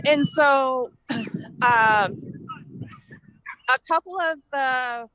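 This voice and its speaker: A woman from California, a guest telling her story in an animated, indignant way and acting out the exchanges she quotes. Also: sits high, very slow, pauses often, clear, resonant tone, no room sound, rough recording. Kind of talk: casual interview storytelling.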